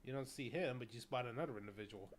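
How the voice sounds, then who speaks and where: A young man streaming a visual novel, reading the narration aloud and chatting in a relaxed, jokey way. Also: mid-range voice, quick pace. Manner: relaxed, jokey, swears casually.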